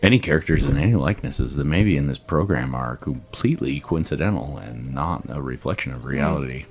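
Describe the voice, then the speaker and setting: A man's voice: extremely low pitch, fairly quick. A man playing a tabletop role-playing game, joking around with snarky asides. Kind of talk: casual tabletop game chat.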